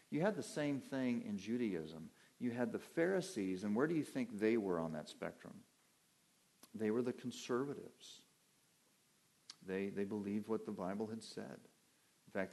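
A man with a somewhat low-pitched voice delivers a Bible-teaching sermon from a church pulpit. His manner is conversational and explanatory, and he often asks his listeners questions before answering them himself. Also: darkish tone. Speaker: preacher.

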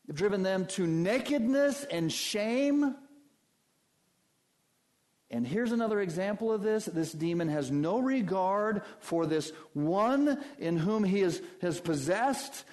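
This pastor's sermon is emphatic and expressive, addressed right to the congregation at a slow pace. His delivery rises from low and hushed to loud and high.

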